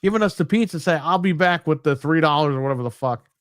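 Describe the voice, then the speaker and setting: A man's voice: on the high side, quick pace. A man co-hosting a gaming podcast, telling rambling anecdotes with casual swearing. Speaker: podcast co-host. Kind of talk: casual chat.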